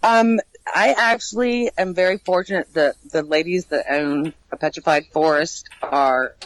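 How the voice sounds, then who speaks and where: Haunt cast manager, woman, chatty and animated, quick laughs, lots of false starts. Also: on the low side, dry recording, poor audio. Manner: animated, laughs often, frequent restarts. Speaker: haunted attraction cast manager and actor trainer. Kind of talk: casual interview.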